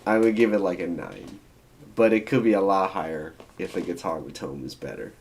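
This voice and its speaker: A man's voice: low voice, normal speed, gravelly, a little mellow, slight background noise. A man hosting a casual album reaction, blunt and profane, laughing at his own rants. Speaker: music reaction host.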